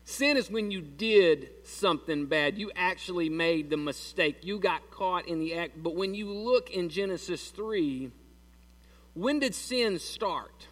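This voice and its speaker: A man's voice: high voice, unhurried, a bit bright, recorded from a distance. A man preaching a sermon in a church in a folksy, conversational way and asking the congregation questions. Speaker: pastor.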